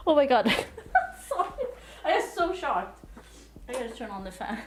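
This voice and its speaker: A woman streamer chatting casually at her home desk into a desk microphone, excitable, gushing thanks, laughing and swearing. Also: high-pitched, normal speed. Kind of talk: casual live-stream chat.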